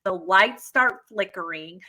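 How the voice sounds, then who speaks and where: A middle-aged woman co-hosts a podcast, telling wild travel stories with lively energy, swearing often and acting out voices along the way. Her pitch is medium and she talks slowly.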